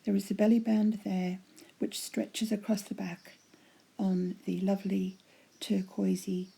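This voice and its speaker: A chatty woman with a voice going hoarse, gushing over her handmade crafts in a casual show-and-tell at home, often dropping to a breathy half-whisper. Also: mid-range voice, level tone, measured pace, mellow. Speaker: craft vlogger showing giveaway prizes.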